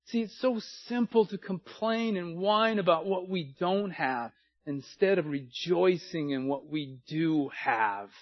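A pastor in his sixties delivers a sermon in a high, light male voice, talking earnestly in plain, folksy phrases. The sound is dull and lo-fi, with the top end muffled. He speaks to his congregation directly. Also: a little slow. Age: 60s.

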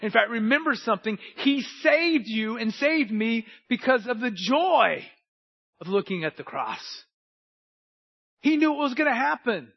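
A man preaching a sermon earnestly, moving between hushed and emphatic delivery, on a dull lo-fi recording. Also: extremely high pitch, lively intonation, a little slow, vocal fry, slightly rough, no room sound.

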